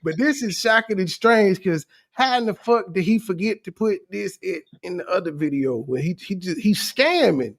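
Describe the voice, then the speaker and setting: A man's voice: high-pitched, animated, moderate pace, vocal fry, few pauses, rough recording. A young adult man hosting reaction commentary, joking and mocking with plenty of profanity. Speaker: commentary channel host.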